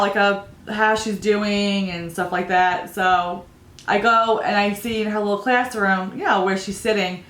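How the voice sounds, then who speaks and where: A woman's voice: medium pitch, a bit bright, echoey room. Rambling chatty woman doing her makeup. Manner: rambling, storytelling, laughs at own stories. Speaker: beauty vlogger.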